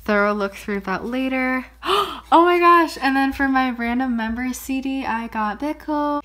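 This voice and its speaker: A young woman vlogging casually as she unboxes presents, bubbly and gushing, often gasping and saying how pretty things are. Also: on the high side. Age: young adult. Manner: bubbly, gushing, frequent gasps and laughs.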